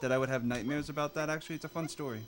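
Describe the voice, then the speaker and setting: A man's voice: on the high side, fairly even intonation, racing, over a noisy crowd. A man playing a game on a stream, rambling and laughing through his stories. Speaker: player on stream. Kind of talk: casual stream chat.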